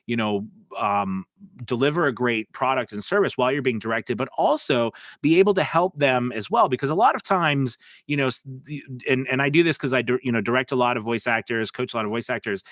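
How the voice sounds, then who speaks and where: A man's voice: mid-range voice, normal speed, a bit bright, dry recording, studio quality. A man with a slight Southern US drawl, hosting a casual livestream as a voice-over coach, talking in a rambling, chatty way full of fillers and asides. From United States.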